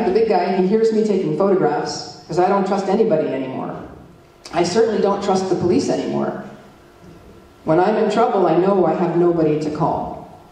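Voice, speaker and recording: Woman telling her story in an echoey hall. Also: dark tone. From Alberta, Canada. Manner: storytelling, acting out dialogue with shifts in pitch. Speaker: guest speaker warning communities. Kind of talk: public talk with slides. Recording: echoey hall from a distant mic.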